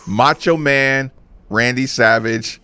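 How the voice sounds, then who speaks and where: A man's voice: mid-range voice, slow, smooth, dry recording. A man co-hosting a sports radio show, telling stories and ranting in casual banter. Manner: animated, ranting storyteller.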